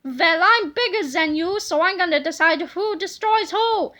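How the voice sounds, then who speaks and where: A woman voicing a giant robot-suited male villain, a boastful bully who talks loud and menacing. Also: extremely high pitch, lively intonation, moderate pace, exaggerated voice.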